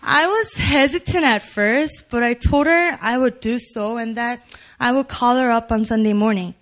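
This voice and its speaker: A woman's voice: on the high side, normal speed. A young woman giving an earnest personal testimony at a church service, with small nervous laughs between lines. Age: young adult.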